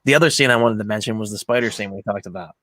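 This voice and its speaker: A young man hosting a casual film podcast, telling stories with animated energy and casual swearing. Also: on the low side, racing, no echo. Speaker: podcast host.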